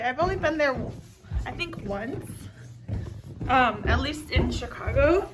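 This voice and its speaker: A woman's voice: sits high, expressive, measured pace, long pauses, noisy background. A young woman, a doctoral student, chatting upbeat to her viewers in a casual vlog. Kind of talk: casual vlog narration to camera.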